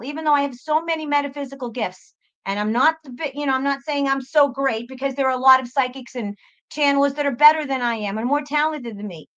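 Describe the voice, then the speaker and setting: A woman's voice: high-pitched, a bit bright, dull audio. A woman guest who works as a psychic, talking emphatically in a casual conversation, often repeating words and swearing. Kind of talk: casual chat.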